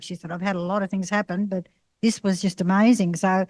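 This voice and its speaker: A middle-aged woman tells a personal testimony on a panel, pausing often and restarting her sentences. Her voice sits in an ordinary middle pitch. The sound is dry and close, with no room echo. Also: level tone, darkish tone. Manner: halting, many fillers and restarts. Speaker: panel speaker sharing testimony. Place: college panel session.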